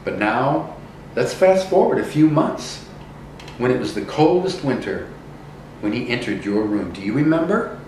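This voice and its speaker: A man voicing a kind female fairy godmother with silver wings, who asks questions in a gently insistent way. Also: medium pitch, sing-song, a little slow, a little hiss or hum. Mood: probing. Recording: echoey room from a distance.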